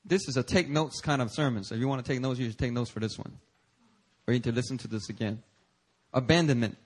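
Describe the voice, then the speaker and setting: A man from Korea preaching a sermon as a pastor, lively and conversational, moving between loud emphatic lines and soft asides, sometimes laughing through personal stories. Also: mid-range voice, fast.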